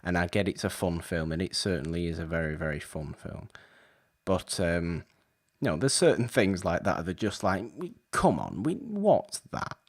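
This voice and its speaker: A man co-hosting a podcast, chatting casually about an old film in an animated, exasperated, rambling way. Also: sits low, moderate pace. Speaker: podcast co-host.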